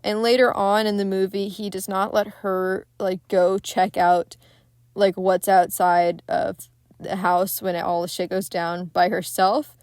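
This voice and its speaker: A woman's voice: medium pitch, little pitch movement, unhurried, a little mellow, clear, resonant tone, no room sound, clean studio sound. A woman hosting a podcast, chatting casually and profanely as she retells a movie scene by scene. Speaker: podcast host.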